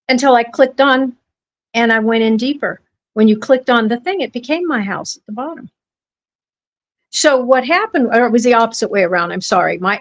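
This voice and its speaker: A woman hosting a podcast, telling long, rambling stories and correcting herself mid-sentence. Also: fairly high pitch. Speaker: podcast host. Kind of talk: casual podcast talk.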